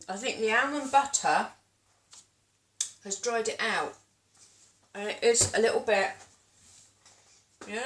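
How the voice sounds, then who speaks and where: A woman's voice: a little high, a bit bright, a little hiss or hum. A British woman vlogging casually at home, chatting in a rambling way while cooking and tasting. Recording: echoey room, voice from a distance.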